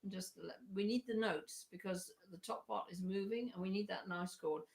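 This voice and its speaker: A woman leading an online choir rehearsal, chatty and hesitant, with a croaky voice, often breaking into sung parts. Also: medium pitch, normal speed. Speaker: choir leader.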